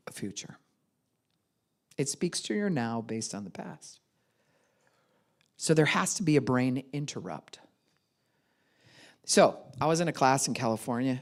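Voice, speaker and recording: An older woman pastor giving a sermon, telling stories and acting out the voices in them. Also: rumbling low. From United States. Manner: animated storytelling, acts out voices.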